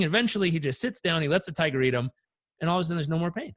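A man on a podcast telling personal stories in an animated way, acting out the voices in them. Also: on the high side, rapid-fire, dry recording, clean studio sound. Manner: animated, acts out quotes. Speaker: guest. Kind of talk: conversational storytelling.

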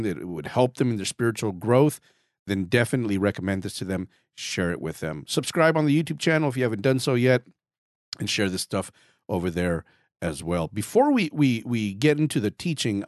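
A man in his forties hosting a casual podcast, with a raspy throat, talking in a chatty way, repeating words and cracking small jokes about himself. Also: medium pitch, no room sound, clean studio sound. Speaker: podcast host.

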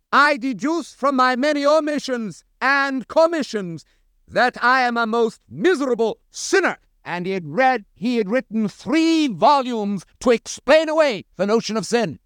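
A man's voice: very high-pitched, fairly bright tone, clean tone, no room sound, studio quality. A man preaching a sermon to a congregation, quoting scripture with impassioned, dramatic emphasis.

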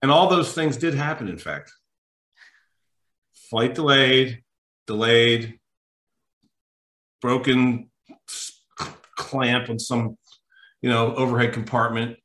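A man, a mental toughness coach, telling an animated story as a podcast guest, emphatic and acting out the quotes. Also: medium pitch, unhurried, echoey room. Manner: lively, emphatic, acts out quotes.

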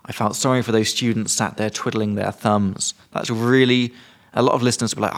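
A man's voice: on the low side, steady tone, brisk. A man hosting a casual podcast, teaching vocabulary with jokes and casual swearing. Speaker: podcast host and English teacher.

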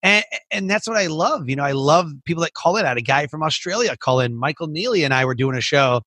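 A man who runs a podcast talks in a loose, rambling flow, stringing thoughts together with "like" and restarts. His voice is bright, somewhat high and husky. The recording is dry and close. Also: lively intonation, quick pace, dry recording. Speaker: podcast host and coach. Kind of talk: casual interview chat.

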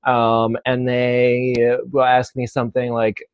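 A man who works as a dog trainer, speaking as an interview guest in a thoughtful, measured way, pausing often with "um" and "uh". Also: medium pitch, monotone, smooth, dry recording, lo-fi sound. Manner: thoughtful, measured, many "um" and "uh" pauses. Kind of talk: conversational interview.

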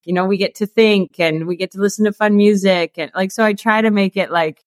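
A woman's voice: mid-range voice, steady tone, fairly quick, no echo. Chatty thirties woman, interview guest; dry, close-miked sound. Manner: chatty, peppered with "like" and laughs. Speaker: guest, author and coach. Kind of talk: casual interview chat.

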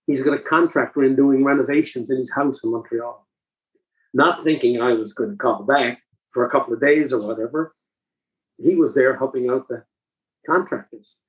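An older man in his seventies from Newfoundland, speaking as an interview guest. He recounts stories in an earnest, conversational way, doubling back and restarting his phrases as he goes. His pitch sits in a plain middle range. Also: highs cut off. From Newfoundland, Canada. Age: 70s. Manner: earnest, repeats and restarts while recounting calls. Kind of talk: conversational storytelling.

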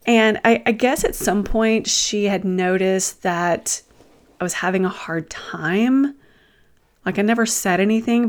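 A woman hosting her own show, sharing a personal story in a thoughtful, candid monologue. She pauses and restarts her sentences, with self-deprecating asides. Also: fairly low pitch. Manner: thoughtful, unhurried, often pausing and restarting. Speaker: host sharing personal experiences.

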